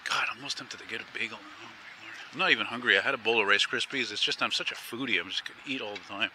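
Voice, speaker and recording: A man with a lowish voice hosts a casual walking vlog, talking rapid-fire in a pushed, bright tone as he strolls down a busy city street. His chatter rambles along, friendly and enthusiastic. The rough outdoor recording picks up traffic noise.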